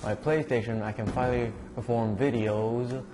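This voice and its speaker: A man's voice: mid-range voice, fairly even intonation, moderate pace. Rambling young guy with noisy gameplay audio. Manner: rambling, mumbles under his breath, curses at the game. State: sleepy. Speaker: gaming YouTuber. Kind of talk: casual gameplay commentary.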